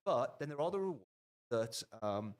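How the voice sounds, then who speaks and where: A British man chatting casually as a podcast guest about cars, with animated rises and quick asides. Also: medium pitch. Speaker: podcast guest, car video creator.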